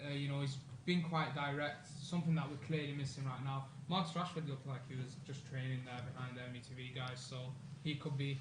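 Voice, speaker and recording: A man's voice: medium pitch, little pitch movement, noisy background. A man on a football watchalong panel, giving casual analysis with lots of "you know" fillers. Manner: quick, analytical, many fillers.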